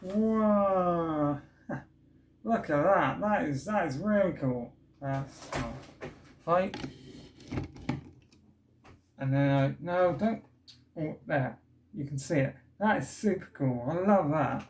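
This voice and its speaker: Guy chatting away while he unboxes records, keen and rambly, slightly high pitched. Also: expressive, takes it slowly, pauses often. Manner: chatty and enthusiastic, often trails off and restarts. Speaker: vlog host unboxing vinyl records. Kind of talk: casual unboxing chat. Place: indoors at home, street works outside. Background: faint building work noise from outside.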